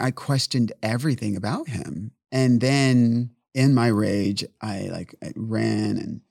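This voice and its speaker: In a clean, dry studio recording, a male interview guest recounts a personal story in a rambling, blunt, profane way, acting out the quotes as he goes. His voice is fairly low, gravelly, husky, and darkish in tone.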